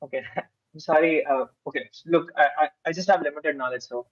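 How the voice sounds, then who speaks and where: A man's voice: fairly high pitch, a little fast, no room sound. A man calling in to a debate show. He talks hesitantly, stammers and keeps apologizing. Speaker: caller. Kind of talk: call-in debate. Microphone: remote call-in line. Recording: husky, muffled call audio.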